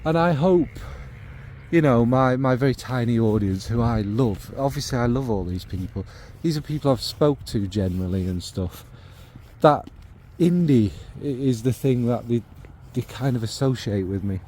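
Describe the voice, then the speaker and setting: A man with a medium-pitched, animated voice speaks at normal speed over slight background noise. As a fragrance vlogger, he chats to camera at length, rambling with warm enthusiasm about scents.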